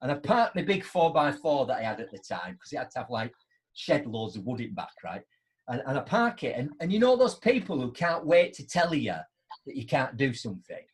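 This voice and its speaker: A man's voice: medium pitch, sing-song, a little fast, slightly rough. A middle-aged man telling chatty anecdotes as a motivational speaker on a video call. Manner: chatty, anecdotal, keeps asking "right?". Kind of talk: storytelling on a live online show.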